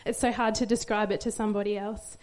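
A woman's voice: mid-range voice, level tone, quick pace, a little mellow. A young woman giving an emotional church testimony as a new mother, tearful and laughing through it. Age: young adult.

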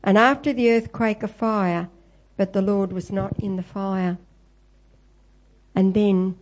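A woman's voice: medium pitch, steady tone, slow pace, pauses often, a little mellow, rough recording. A woman preaching a sermon, retelling scripture stories and quoting them with a lifted voice.

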